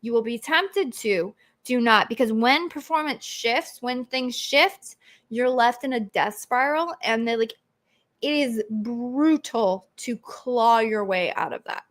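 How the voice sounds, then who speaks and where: A woman hosting a live stream Q&A, talking in an animated, ranting way and acting out quoted reactions. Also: fairly high pitch, slow pace. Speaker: host. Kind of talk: live stream Q&A, energetic rant. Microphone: own mic on live stream.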